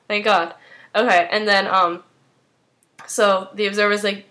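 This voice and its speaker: A woman's voice: medium pitch, little pitch movement, a little slow, sharp tone. A woman in a casual spoken recap as a fan, chatting loosely with lots of "um" and "like" fillers. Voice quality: rambling with many fillers, chatty.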